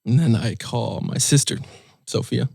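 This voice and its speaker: A young man telling a personal story in an interview, soft-spoken and heartfelt, with many fillers. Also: mid-range voice, a little slow, vocal fry, husky, no room sound, studio quality. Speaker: guest musician.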